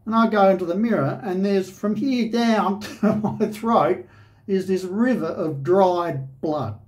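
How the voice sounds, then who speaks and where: Speaking a little slowly in a high voice, the Australian host of a shaving channel shares a personal story. It's rambling and chatty, peppered with plenty of "you know".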